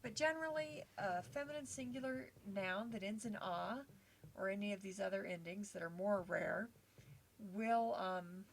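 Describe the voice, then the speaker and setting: A woman teaching a recorded slide lesson at an ordinary pitch. She explains patiently and step by step. Small fillers dot her speech as she walks through each example. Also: normal speed, a little hiss or hum.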